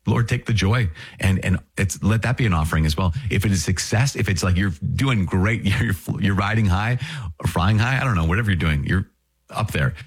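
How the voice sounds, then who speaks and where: A priest preaching a homily for a podcast audience. His voice sits very low with a husky edge. He speaks with earnest conviction and exclaims now and then, in a dry recording with no room sound. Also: a little fast, no room sound. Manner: earnest, exclamatory, with bursts of speed.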